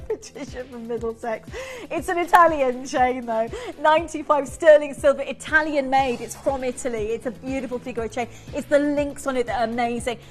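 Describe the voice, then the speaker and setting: A woman presenting on a live shopping channel, chatty and excitable, laughing often and reading out buyers' names. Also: sits high. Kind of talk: live TV sales pitch.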